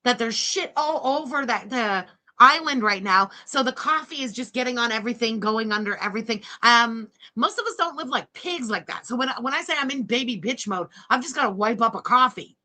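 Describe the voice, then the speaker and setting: A woman in her forties hosting a livestream reaction, loud, mocking and swearing, yelling often. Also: a little high, expressive, fairly quick.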